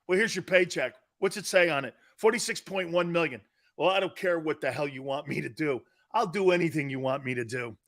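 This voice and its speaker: Middle-aged male sports talk host, brash and bright, ranting casually. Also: high-pitched. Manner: loud, animated, bantering rants.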